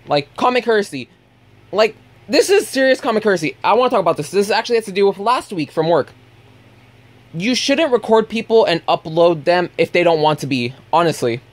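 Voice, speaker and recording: High-voiced young man ranting bluntly. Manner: blunt, heated, swearing. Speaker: vlogger. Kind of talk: casual ranting vlog.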